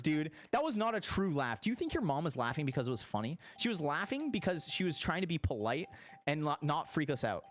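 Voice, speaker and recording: A young man streaming, telling a story casually, animated and profane, his voice shooting up when excited and sinking low when he reflects. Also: fairly quick. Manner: animated, swearing, jumps high in pitch when excited.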